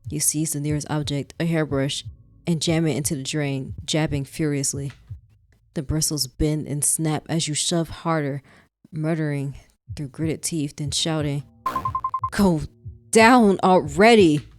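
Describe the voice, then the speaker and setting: A woman streamer reading a story game aloud with dramatic narration, breaking into loud, squealing reactions. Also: low voice. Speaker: gaming streamer.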